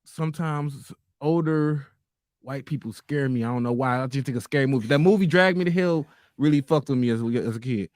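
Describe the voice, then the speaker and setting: A man on a podcast telling a story in casual chat, acting out what people said in a lively, profane way. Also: medium pitch, brisk, dry recording, studio quality. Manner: animated storyteller acting out quotes, profane slang. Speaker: podcast co-host.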